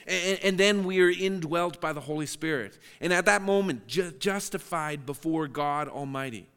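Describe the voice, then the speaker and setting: A man's voice: fairly high pitch, moderate pace, fairly bright tone, smooth. Male pastor preaching in a reverberant hall. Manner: earnest, with frequent word repeats and restarts. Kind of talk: sermon.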